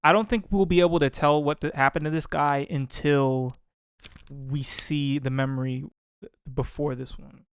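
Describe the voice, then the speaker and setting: A man's voice: on the high side, steady tone, moderate pace, clear, resonant tone, dry recording, clean studio sound. Man thinking aloud over gameplay. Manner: thinking aloud, rambling with fillers and restarts. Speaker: let's play host. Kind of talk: casual gameplay commentary. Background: background music.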